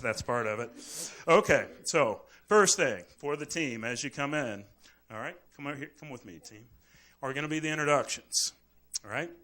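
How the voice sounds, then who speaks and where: In a hospital lecture hall, a middle-aged physician gives a lively grand rounds talk with a demonstration, joking around and acting out little scenes. His mid-range voice drifts on and off the microphone.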